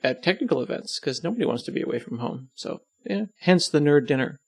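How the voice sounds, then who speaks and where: Man, gravelly voice, joking, rambling podcast chat, dry recording. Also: a little high, lively intonation, fairly quick, dry recording. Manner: joking, self-deprecating, rambling. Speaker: podcast host being interviewed. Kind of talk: casual conversational podcast.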